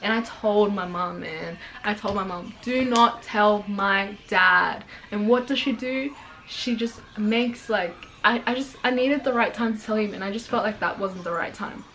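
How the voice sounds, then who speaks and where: Sitting down for a casual chat, a young adult vlogger rambles through a personal story packed with "like." She speaks at a moderate pace in a medium pitch, on a rough recording with slight hiss or hum.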